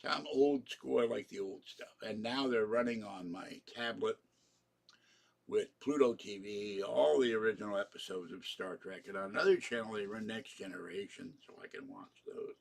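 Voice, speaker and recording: A man's voice: lowish voice, normal speed, gravelly. An older man hosting a live stream, rambling through strong opinions in a grumbling, casual way. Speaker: channel host.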